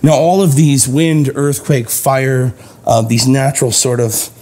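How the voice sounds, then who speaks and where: A man's voice: medium pitch, fairly even intonation, measured pace, dark tone. A man preaching a sermon in a conversational way, explaining scripture and acting out its dialogue. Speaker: pastor.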